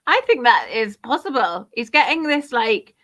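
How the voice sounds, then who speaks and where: A woman with a posh Geordie accent hosts a casual podcast. She sounds relaxed and chatty, with a slightly high voice. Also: moderate pace. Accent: posh Geordie, Jesmond. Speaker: podcast host.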